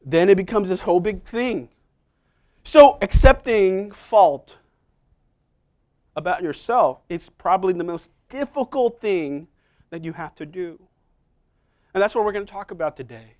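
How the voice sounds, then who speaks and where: A middle-aged man preaching a sermon in a church, telling personal stories in a conversational, self-deprecating way with quick asides to the congregation. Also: high voice, animated, darkish tone.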